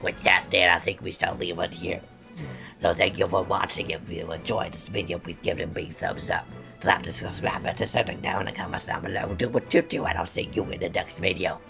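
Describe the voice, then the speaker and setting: A man's voice: low-pitched, steady tone, a little fast. A man giving casual, chatty gameplay commentary as host, sassy toward the game and laughing often. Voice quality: gravelly. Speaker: gaming channel host. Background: game music.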